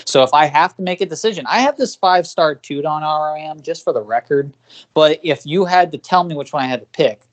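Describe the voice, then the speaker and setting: A man co-hosting a podcast, talking casually in a rambling, animated way with quick asides. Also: on the high side. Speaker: podcast co-host. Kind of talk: casual chat.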